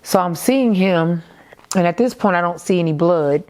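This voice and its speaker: A woman tells her story in a slightly low voice. Her speech comes in halting bursts, full of fillers and repeated phrases, in the manner of emotional first-person testimony. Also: a little mellow. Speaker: mother recounting her son's death.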